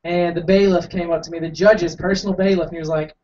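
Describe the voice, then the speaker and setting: A man's voice: high-pitched, fairly even intonation, fast, a little mellow, slight background noise. A young man doing stand-up storytelling in a small coffee house, rambling and self-mocking, acting out the quotes. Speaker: stand-up comic. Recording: distant, dull lo-fi room recording.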